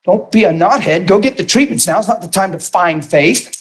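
A middle-aged man preaching a storytelling sermon in an animated, lively way, often acting out characters and laughing. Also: sits high, moderate pace.

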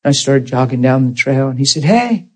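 A man preaching to a congregation through a personal story, his voice husky and breathy at a middle pitch. He talks earnestly and acts out both sides of the conversation as he goes. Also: quick pace, low-quality recording. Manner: earnest, animated retelling with quoted dialogue. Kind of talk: storytelling sermon.

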